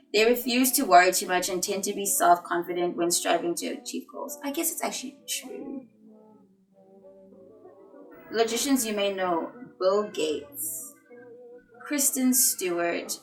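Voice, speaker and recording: Her pitch is fairly low, and the sound quality is poor. This young woman chats vlog-style about how her personality test turned out, teasing and theatrical, with abrupt loud flashes of excitement.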